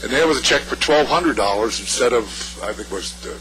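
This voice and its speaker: Fast-talking bright-voiced audience man. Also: mid-range voice, animated, soft background music, rough recording. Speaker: audience member. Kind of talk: telling a story from the floor.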